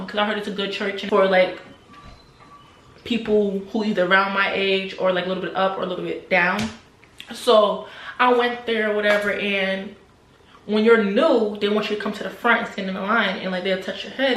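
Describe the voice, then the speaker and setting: A young adult woman telling a personal story to camera in a casual, animated way, repeating phrases and sometimes dropping to a near-whisper. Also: medium pitch, fairly quick, echoey room, a little hiss or hum. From New Jersey, USA. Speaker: vlogger.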